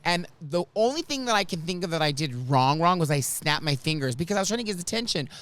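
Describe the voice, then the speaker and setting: A man hosts a casual podcast and tells a dramatic story. His pitch swoops widely, and he acts out the quoted lines with theatrical flair. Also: fast talker, smooth. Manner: animated, dramatic retelling with acted quotes. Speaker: podcast host.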